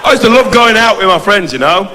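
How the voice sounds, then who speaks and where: A man from Dudley with a Black Country accent doing stand-up comedy on a theatre stage, animated and slipping into character voices. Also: sits high, quick pace, slight background noise. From Dudley, West Midlands. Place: large theatre stage with audience. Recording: live theatre, crowd laughter, hall reverb.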